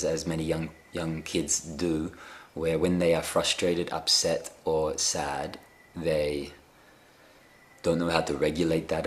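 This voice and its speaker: A man giving a gentle, unhurried spiritual talk on a live video call, often pausing with fillers and restarting his sentences. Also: extremely low pitch. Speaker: spiritual teacher.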